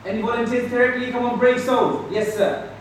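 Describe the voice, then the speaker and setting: A man's voice: extremely high pitch, fairly even intonation, brisk. A man teaching a class, patiently drilling students in call and response and explaining with simple words. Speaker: Quran teacher. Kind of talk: classroom tajweed lesson. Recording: echoey room from far off, crowd noise.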